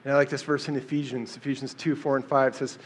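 Speaking fast and flatly at a medium pitch, a man teaches a Bible passage in a casual, conversational study session, with fillers and restarts. A little hiss or hum runs under the recording.

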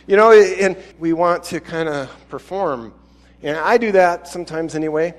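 A man's voice: a little high, moderate pace, in a large hall. A man preaching a sermon in a casual, chatty and self-deprecating way.

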